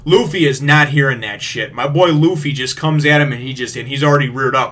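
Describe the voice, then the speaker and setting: A man's voice: medium pitch, a little fast. A man with a mid-range voice recaps a manga chapter in a loose, filler-packed way. He swears casually and gets worked up as he retells the fight scenes. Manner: rambling, filler-heavy, swears freely; gets excited retelling action. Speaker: manga review host.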